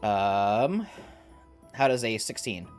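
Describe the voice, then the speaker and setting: A man's voice: fairly low pitch, sing-song, slow pace, clean tone, faint music behind. Laid-back male game master. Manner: loose, filler-heavy narration. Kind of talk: narrating a tabletop game.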